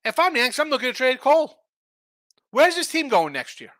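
Bright-voiced man riffing on baseball picks. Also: very high-pitched, very animated, moderate pace, no room sound. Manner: rambling, opinionated, rhetorical questions. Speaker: sports betting host. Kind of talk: casual sports talk.

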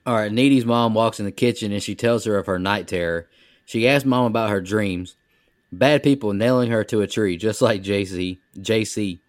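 A man co-hosting a podcast, recapping a movie plot in a steady, plain way. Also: on the low side, normal speed, no room sound. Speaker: podcast co-host.

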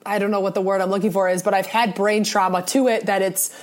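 A woman's voice: mid-range voice, level tone, quick pace. Earnest young woman on a sports podcast. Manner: earnest, rambling, many restarts. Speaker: podcast co-host. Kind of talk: casual sports podcast talk.

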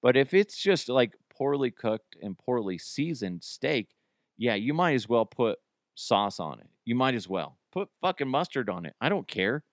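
A man's voice: medium pitch, big pitch swings, normal speed, no echo, studio quality. A man in his thirties hosting a casual solo podcast, rambling and joking, cursing freely and laughing at his own jokes. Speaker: podcast host.

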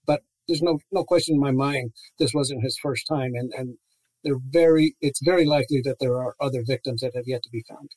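A man's voice: mid-range voice, fairly quick, a little mellow, dry recording, low-quality recording. A middle-aged man from Las Vegas, a retired homicide detective answering as a panel guest, confident and matter-of-fact. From Las Vegas, USA.

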